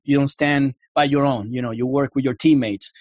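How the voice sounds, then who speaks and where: A man's voice: medium pitch, fairly even intonation, moderate pace, dry recording, clean studio sound. A man with a Canadian accent, a guest in a casual interview, talking earnestly and restarting his words often. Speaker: guest, army officer.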